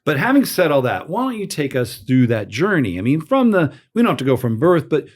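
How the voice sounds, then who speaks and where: A man hosting a casual interview podcast, telling his own story in a lively, animated way and acting out the voices of people he quotes. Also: fairly high pitch, a little fast. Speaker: podcast host.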